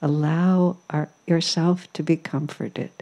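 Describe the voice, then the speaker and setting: A woman's voice: deep voice, fairly even intonation, slow. A woman giving a spiritual talk in an ashram, telling stories in an amused, reflective way. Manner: warm storytelling, amused, reflective. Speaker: spiritual teacher. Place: ashram hall.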